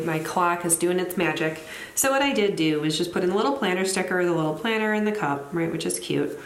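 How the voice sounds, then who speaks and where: A woman's voice: lowish voice, roomy sound. A woman who teaches, chatting casually as she plans her week, thinking aloud and making light asides about herself. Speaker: planner vlogger. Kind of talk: casual plan-with-me narration while decorating.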